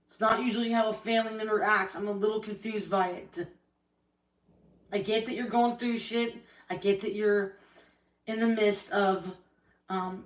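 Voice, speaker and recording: A woman's voice: mid-range voice, recorded from a distance. A woman venting angrily and tearfully on a livestream, swearing often as she speaks about her family and her hurt. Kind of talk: emotional livestream rant. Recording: echoey room, voice from the mic.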